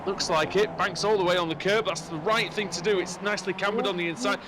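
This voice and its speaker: A high-pitched man calls a sim race as lead commentator, jumping in excitedly whenever cars collide. A steady hiss of noise runs beneath his voice. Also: quick pace, hardly any pauses. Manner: excitable, rising sharply at incidents.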